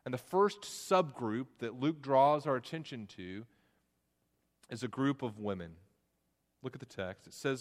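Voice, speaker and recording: A man's voice: medium pitch, expressive, measured pace. A man preaching an expository sermon, walking through the text with frequent restarts and repeated words. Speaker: pastor. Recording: long hall reverb.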